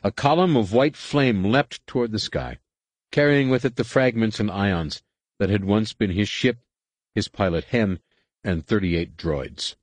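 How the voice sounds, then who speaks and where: A male narrator reads a science-fiction novel in a measured, steady way. His voice sits on the low side, and the recording is dry, with no room sound. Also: no room sound. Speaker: audiobook narrator. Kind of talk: scripted narration.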